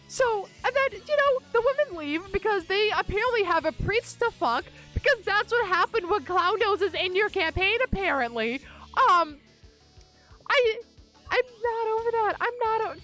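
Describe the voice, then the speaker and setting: A woman streamer tells a story while she plays, excitable and liberally profane. Her voice sits high and leaps all over the place in pitch. Soft game music hums underneath. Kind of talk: casual storytelling while gaming.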